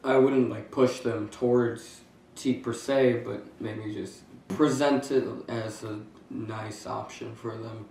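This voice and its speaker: A fraternity member giving a hesitant, casual interview answer, full of "like" fillers and the odd swear word. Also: male voice, medium pitch, steady tone, takes it slowly, gravelly, darkish tone, heavy reverb, far from the mic, slight background noise, poor audio.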